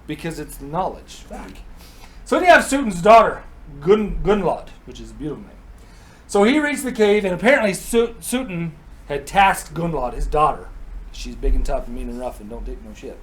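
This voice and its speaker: Guy telling myths like a story to friends, swears a lot, voice a bit high. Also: moderate pace, low-quality recording. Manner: animated, profane, chatty. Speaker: comedic myth storyteller. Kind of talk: casual comedic retelling.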